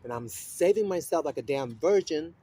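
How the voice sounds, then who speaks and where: A man speaking in a loose, rambling monologue with a steady stream of fillers and swearing. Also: a little high, normal speed, breathy edge. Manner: rambling, profane, with frequent fillers and laughs. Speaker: vlogger. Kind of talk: casual monologue.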